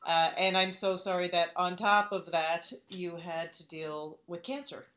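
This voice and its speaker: Halting, wry woman hosting a live event. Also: lowish voice, fairly even intonation, sharp tone. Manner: halting, with many "um"s and restarts, then wry; comic storytelling. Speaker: host.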